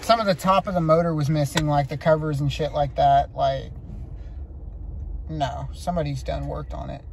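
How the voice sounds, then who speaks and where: A man's voice: fairly high pitch, fairly even intonation, moderate pace, creaky. A man chatting casually about buying a used car, blunt and joking, swearing freely, recorded in and around a car. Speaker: car buyer. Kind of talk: casual chat. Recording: vlog audio with loud traffic noise.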